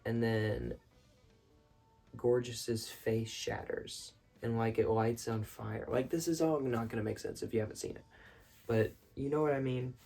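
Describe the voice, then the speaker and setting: A man rambling excitedly about a film in his bedroom at night, breaking off with quick apologies. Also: mid-range voice, gravelly, music in the background. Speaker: vlogger reviewing a film. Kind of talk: rambling casual monologue.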